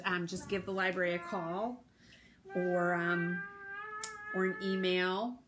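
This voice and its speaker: A woman's voice: medium pitch, fairly bright tone, a little hiss or hum. A woman library storyteller reading a picture book aloud to children, with chatty asides to her young listeners.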